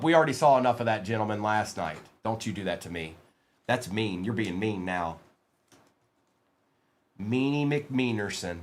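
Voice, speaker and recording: A man hosts a live card break, calling out players as he opens each pack and poking fun at his chat. His medium-pitched voice is expressive and moderately paced.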